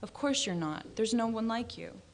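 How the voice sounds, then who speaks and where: Woman reading her fiction aloud, measured. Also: fairly high pitch, animated. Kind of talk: literary reading.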